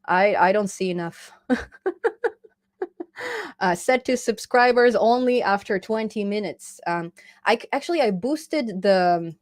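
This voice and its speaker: A woman's voice: medium pitch, expressive, unhurried, pauses often. A woman hosting a casual live-stream chat about programming, chatty and laughing often as she reads viewer comments aloud. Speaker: programming channel host.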